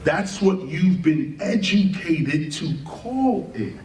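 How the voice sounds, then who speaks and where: A man's voice: high-pitched, slow pace, distant mic, very noisy. A man giving an impassioned spoken lecture on a live stream, firing rhetorical questions, spelling words out letter by letter and often laughing as he talks. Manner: animated, often breaks into laughter mid-sentence. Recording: echoey room, voice set back from the mic.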